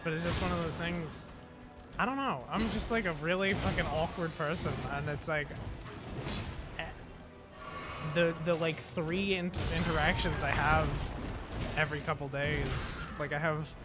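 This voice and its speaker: A man's voice: on the high side, loud music behind the voice. A young British man streaming, telling a rambling story with lots of swearing, fillers and restarts. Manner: halting, swears a lot, many fillers and restarts. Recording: steady background noise.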